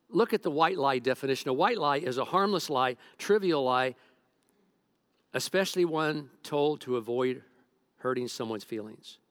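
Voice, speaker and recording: Lively, joking middle-aged male pastor. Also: mid-range voice, dry recording. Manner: animated, joking storyteller. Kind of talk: sermon.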